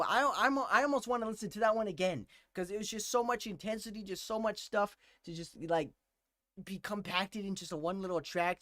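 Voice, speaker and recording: A young man hosting a music reaction, talking casually and excitedly, gushing and repeating his exclamations. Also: sits high, dry recording, studio quality. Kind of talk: casual album reaction commentary.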